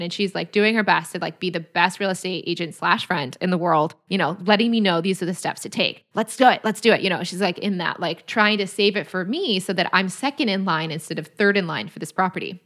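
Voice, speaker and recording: A woman in her thirties from the United States, hosting a podcast and telling a personal story in a chatty way, full of "like" fillers, with animated quoting of others. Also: lowish voice. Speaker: podcast host. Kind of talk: casual storytelling monologue.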